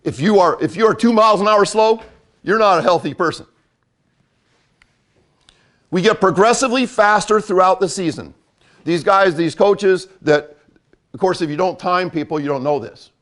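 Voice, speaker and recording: A man's voice: sits high, moderate pace, long pauses, a bit bright. An older man and football coach giving a blunt, emphatic talk, repeating key points for effect.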